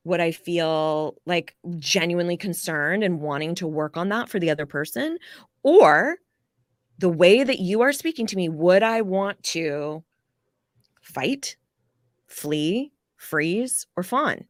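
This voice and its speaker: A woman life coach explaining ideas in a casual, animated podcast interview, with occasional swearing. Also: lowish voice, takes it slowly, no echo, clean studio sound. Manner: animated, explanatory, acts out quoted people.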